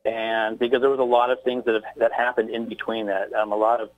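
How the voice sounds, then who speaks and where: A man's voice: fairly low pitch, little pitch movement, fast talker, phone-quality sound, faint music behind. A man reading his own emotional poem aloud as a guest on a radio talk show. Between readings he talks hesitantly and searches for words. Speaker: poet guest. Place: Texas, by phone into a radio show.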